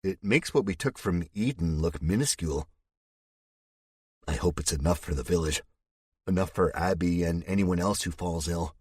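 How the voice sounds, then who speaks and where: A man's voice: sits low, normal speed, a little mellow, breathy edge, no echo, studio quality. A man narrating a first-person thriller audiobook with a gritty, tense delivery.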